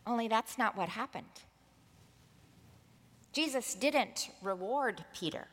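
A woman's voice: a little high, lively intonation, takes it slowly, a bit bright, in a large hall. A woman preacher giving a sermon, telling a story expressively and acting out the voices in it.

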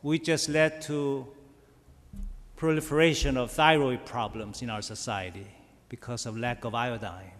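Slow-preaching man in an echoing hall. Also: medium pitch, fairly even intonation. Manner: slow, emphatic preaching with rhetorical questions. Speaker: pastor. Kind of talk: sermon. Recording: long reverb of a church hall.

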